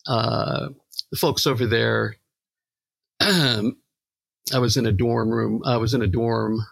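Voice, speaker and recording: Gravelly-voiced man telling a story. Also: mid-range voice, takes it slowly, dry recording. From Long Island, New York. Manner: relaxed storytelling with many fillers. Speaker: psychology professor guest. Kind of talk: podcast interview.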